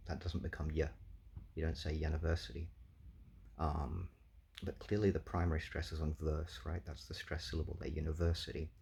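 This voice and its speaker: A man's voice: a bass voice, level tone, a little fast, gravelly, darkish tone, breathy edge. A man thinking aloud through a language guessing game, explaining sounds with many ums and uhs. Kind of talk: casual explanatory commentary.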